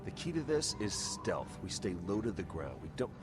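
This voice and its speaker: An actor playing a young man who quietly lays out a stealthy plan to his crew in a video game. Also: on the low side, big pitch swings, normal speed. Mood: hushed planning. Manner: hushed, giving orders.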